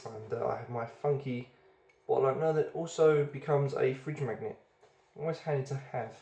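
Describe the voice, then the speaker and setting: Guy doing a beer review, warm mellow voice, kinda rambly, echoey room. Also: medium pitch, moderate pace. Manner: chatty, rambling, often hesitant. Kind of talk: casual review vlog.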